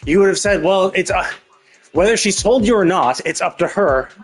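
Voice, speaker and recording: Male streamer, fed-up profane rant, fairly high voice, faint game music behind. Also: expressive, moderate pace, breathy edge. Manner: profane, exasperated ranting. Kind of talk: live gameplay commentary.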